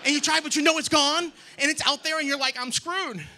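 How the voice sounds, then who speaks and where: A man from Maine performing a loud, animated stand-up set on a theater stage. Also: very high-pitched, fast talker, a little hiss or hum. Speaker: stand-up comedian. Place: theater stage with live audience.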